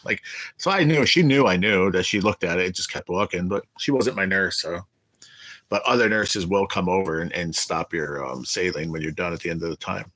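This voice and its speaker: Speaking a little fast in a deep, fairly bright voice with no echo, this middle-aged livestream host chats casually through a phone or webcam. He's undergoing cancer treatment and feeling sick, and he reads viewers' messages aloud between blunt, profane stories.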